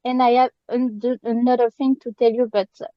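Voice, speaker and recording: A woman with a French accent, a fan speaking in halting, apologetic English as she searches for words on a video call. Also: fairly high pitch, flat delivery, no room sound, lo-fi sound. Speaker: fan asking a question. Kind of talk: casual chat.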